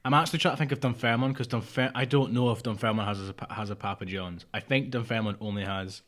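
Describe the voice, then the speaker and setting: A man's voice: mid-range voice, quick pace, a bit bright. A man, co-hosting a casual podcast chat, rambling and dropping into mutters. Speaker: podcast co-host.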